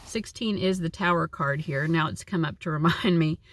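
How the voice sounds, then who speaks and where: A woman's voice: deep voice, moderate pace, dry recording. A woman giving a casual, chatty tarot reading, with a lot of likes and you knows. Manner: chatty, uses many fillers. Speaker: tarot reader.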